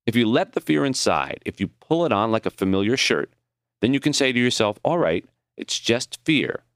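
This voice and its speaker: A man narrating his own audiobook in an expressive, reflective reading. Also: medium pitch, fairly quick, dry recording.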